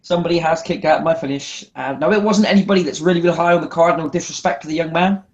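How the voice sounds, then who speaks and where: A man's voice: on the high side, fast talker, highs cut off. A man in casual podcast chat, telling stories animatedly, swearing freely. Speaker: wrestler guest.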